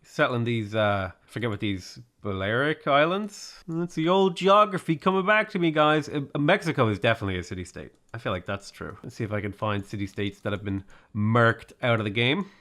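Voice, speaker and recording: A man's voice: medium pitch, animated, fairly quick, a bit bright. Young male gaming YouTuber, casual commentary, mid-range voice, playful asides. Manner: chatty, rambling, playful asides and hums.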